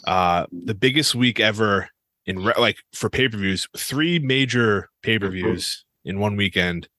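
Joking low-voiced podcast host, man. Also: bright, forceful tone, no echo. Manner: loose and joking, swears freely. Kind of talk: casual chat.

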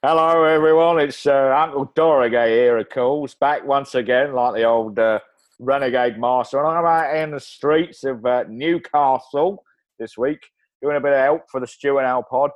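A man's voice: mid-range voice, normal speed, no room sound, close to an everyday voice. A man voicing a brash street reporter with a Geordie accent. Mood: chirpy.

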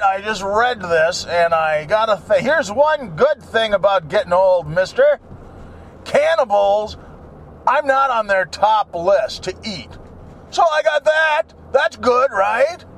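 A man's voice: high-pitched, a little hiss or hum. An older man rambling through a casual, jokey monologue, laughing at his own jokes, recorded in a vehicle.

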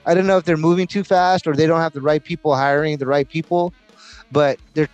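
A man's voice: fairly high pitch, fairly even intonation, brisk, dry recording, highs cut off, soft background music. A man co-hosting a casual podcast, telling stories in a profane, rambling way and throwing in mock voices. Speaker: podcast co-host.

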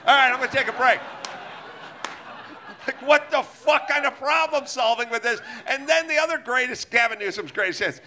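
A man with a high, piercing, very bright voice hosts a live comedy podcast. He rants hard, swears freely and jumps between mock quotes and outrage. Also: normal speed. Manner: profane, ranting, animated. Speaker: podcast host.

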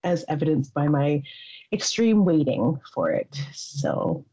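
Woman in her 30s hosting a podcast, rambly and giggly, warm mellow tone. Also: sits low, very animated, slow pace, slightly rough, low-quality recording. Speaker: podcast host. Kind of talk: casual chat.

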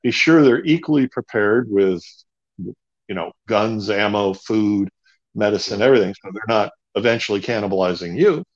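A man's voice: lowish voice, normal speed, muffled recording. A man being interviewed as a guest, talking emphatically, hammering points home by repeating words. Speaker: bunker company founder, interview guest. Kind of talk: conversational interview.

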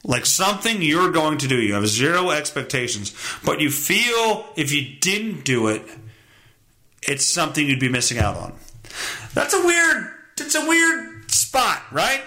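A man's voice: a little high, sing-song, unhurried, sharp tone. A young man hosting his own podcast, rambling casually in a profane, self-mocking way. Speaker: podcast host. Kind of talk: casual solo podcast monologue.

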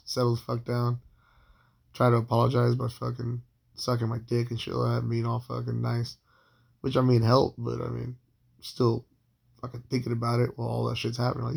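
A man in his late thirties with a heavily gravelly, husky voice, telling a personal story in loose, profane, rambling talk. He keeps his pitch flat and steady and stays in an easy, casual monologue. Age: 30s. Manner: profane, rambling, with frequent fillers and restarts.

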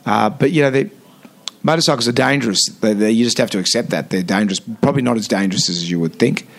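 A man in his fifties with an Australian accent, a radio host chatting as a guest in a podcast studio, telling animated stories with many restarts. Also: lowish voice, fast. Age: 50s. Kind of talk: casual interview chat.

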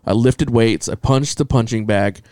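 A man's voice: mid-range voice, moderate pace, darkish tone, clear, resonant tone, no room sound, clean studio sound. A man in casual podcast chat, talking bluntly with constant swearing and ranting.

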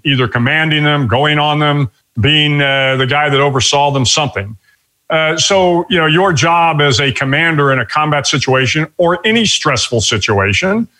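A man in his sixties, a guest telling stories in an interview, talking in a measured way with many pauses and fillers. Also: a little high, pushed and bright. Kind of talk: reflective interview storytelling.

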